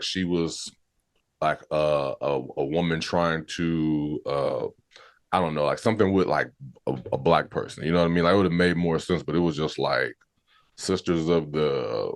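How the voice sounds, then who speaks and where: Very deep-voiced man, laid-back and rambling. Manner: laid-back, rambling, profane, drawn-out hesitations. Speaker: podcast co-host. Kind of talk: casual movie review chat.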